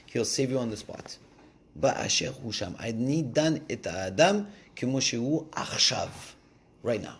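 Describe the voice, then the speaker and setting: A man giving a casual Torah lesson, telling the story in an animated way and switching between languages. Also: medium pitch, very fast, breathy edge. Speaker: Torah teacher.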